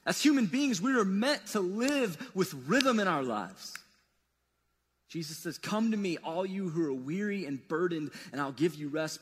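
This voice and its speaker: Casting note: man with a high voice, relaxed conversational sermon style, recorded in a hall with long echo. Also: a little hiss or hum. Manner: casual, conversational preaching with wide swings in pitch and loudness. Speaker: preacher. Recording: long reverb of a large hall.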